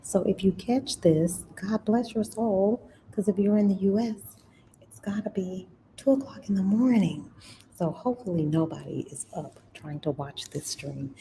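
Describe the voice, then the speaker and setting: A chatty woman hosts an impromptu live stream about money and investing, her voice sitting fairly low for a woman. She talks casually, sometimes dropping to a whisper. Store ambience hums clearly behind her. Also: mellow. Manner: chatty, drops to a whisper at times. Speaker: host of a money and investing channel. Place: inside a busy computer store. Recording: noisy store background.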